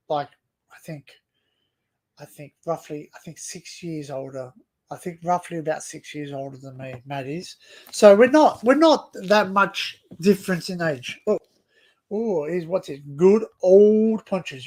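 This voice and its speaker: A young Australian man with a notably high voice hosts a relaxed livestream. He wanders through his thoughts, repeating words and restarting sentences as he chats with viewers and a guest. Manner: rambling, stop-start with many restarts. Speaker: livestream host. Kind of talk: casual livestream chat.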